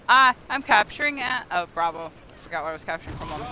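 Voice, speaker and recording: A woman streaming live gameplay commentary, excitable and squealing, talking to the game as she plays. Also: a little high, fast, few pauses, slight background noise.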